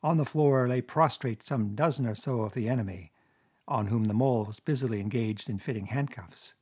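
Guy reading a kids' classic aloud, husky voice, steady and expressive. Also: medium pitch. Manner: measured, expressive storytelling. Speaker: narrator. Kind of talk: audiobook narration of a classic children's story.

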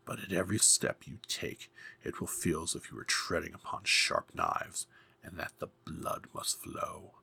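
A man voicing a scheming old female sea witch in a hoarse, menacing whisper. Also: low voice, huge pitch swings, measured pace, sharp tone, heavily acted. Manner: sly, menacing.

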